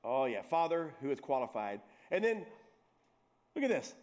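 A man's voice: medium pitch, moderate pace. A middle-aged man, a pastor preaching a sermon, teasing his congregation with joking asides and repeating words as he gets going. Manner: repeats words and restarts when excited.

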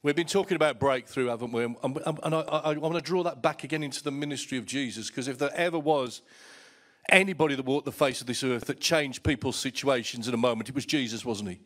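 A man's voice: mid-range voice, fast, fairly bright tone. A middle-aged man preaching a sermon as pastor, telling stories and repeating words as he starts a thought.

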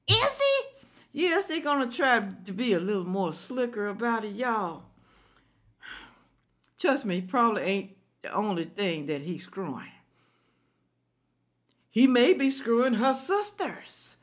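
A woman's voice: a little high, a bit bright. A woman hosting a reaction video, commenting indignantly and preaching to viewers.

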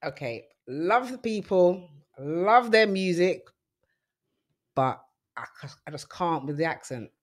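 A woman co-hosting a show, chatting casually, frank and laid-back with soft chuckles. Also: lowish voice, lively intonation, slow. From part Jamaican heritage. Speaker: radio show co-host. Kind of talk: casual banter.

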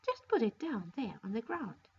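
Woman reading as a gentle old fairy godmother. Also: a little high, sing-song, normal speed, highs cut off, slight background noise. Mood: kindly. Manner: kindly, soothing.

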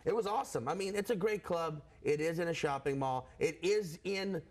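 A man's voice: on the high side, normal speed. A man in his thirties from New Orleans, a comedian chatting as a guest in a TV studio, joking and laughing often. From New Orleans, Louisiana. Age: 30s. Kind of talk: casual chat.

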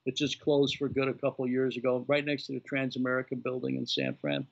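Gravelly-voiced man telling stories over a video call. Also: mid-range voice, fast, highs cut off. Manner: animated anecdote-teller, acting out quoted dialogue. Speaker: guest, former baseball executive. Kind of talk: storytelling in a remote interview.

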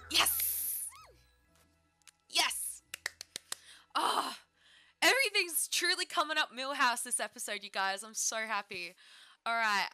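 A woman's voice: a little high, sharp tone, no echo, clean studio sound. A woman giving bubbly, chatty let's-play commentary, often talking to her game characters. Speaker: gaming YouTuber.

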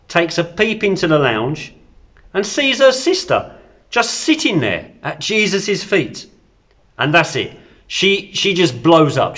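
A man's voice: a little high, a bit bright. A man, a church deacon, preaching a sermon, retelling a Bible story earnestly with self-deprecating asides.

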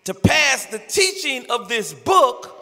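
High, bright-voiced older pastor preaching. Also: male voice, very animated, slow. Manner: impassioned, pleading preaching with rhythmic repetition and shouted peaks. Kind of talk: sermon. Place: large church sanctuary. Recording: echoey church hall with long reverb.

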